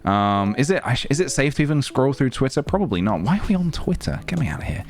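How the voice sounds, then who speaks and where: A man's voice: mid-range voice, very animated, fast, faint music behind. A man streaming late at night in casual, rambling, wry chat. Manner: rambling, wry, self-mocking.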